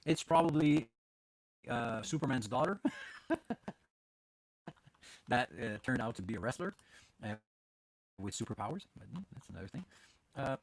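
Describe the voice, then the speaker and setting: A Canadian man hosts a podcast from home with his dog, rambling through casual chat with many fillers and restarts. His voice is medium-pitched in a dry recording.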